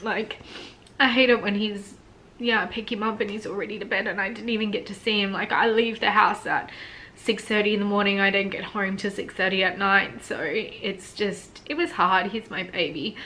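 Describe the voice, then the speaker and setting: Australian mum vlogger in her thirties, bright and forward voice, choked up and close to tears throughout. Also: medium pitch, steady tone, normal speed. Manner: tearful and emotional, voice wavering. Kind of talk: casual sit-down vlog chat.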